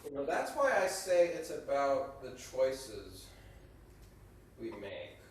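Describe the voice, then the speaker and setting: A man's voice: medium pitch, very animated, slow pace, echoey room, slight background noise. A man teaching piano, counting beats aloud and asking his students questions. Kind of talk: online music lesson. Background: piano playing.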